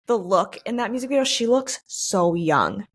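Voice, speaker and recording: A woman's voice: medium pitch, big pitch swings, moderate pace, breathy edge. Enthusiastic woman podcast co-host. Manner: agreeable, enthusiastic. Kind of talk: casual chat.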